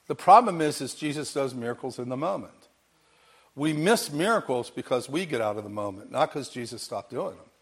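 A man preaching a sermon with emphasis, repeating his phrases and swinging from quiet to loud, laughing now and then. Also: medium pitch, animated, fairly quick, slightly rough.

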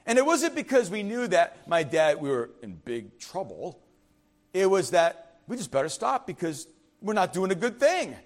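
A man preaching a sermon as pastor, emphatic and repetitive, with frequent "right?" asides and shifts between loud declarations and quiet confiding remarks. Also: high-pitched, big pitch swings, normal speed.

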